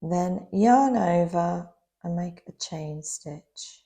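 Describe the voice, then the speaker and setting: A woman's voice: on the low side, animated, creaky, dark tone. A woman giving a patient step-by-step crochet lesson, her voice slightly worn as she is losing it a bit. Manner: slow, patient, instructional. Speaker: crochet instructor. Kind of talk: step-by-step craft tutorial.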